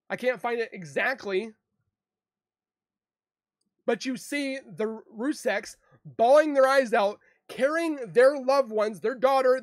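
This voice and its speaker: A true crime YouTuber with a very high voice speaks to camera in an emotional, defensive monologue, upset, rambling and repeating himself. The recording is studio quality with no echo.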